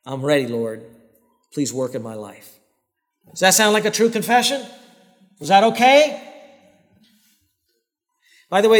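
A pastor giving a sermon in earnest, direct tones. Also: male voice, on the high side. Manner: earnest, direct preaching with voiced prayers and quoted excuses. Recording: long hall reverb.

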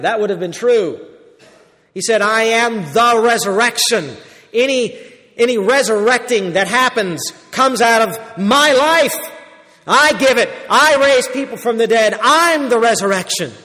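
Man preaching a sermon in a reverberant hall. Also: high voice. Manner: swings from loud urgent preaching to quiet intimate tones. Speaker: pastor.

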